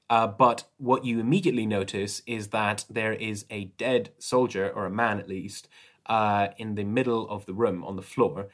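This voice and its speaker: A man narrating as game master of a tabletop role-playing game, relaxed and chatty with many fillers. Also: on the low side.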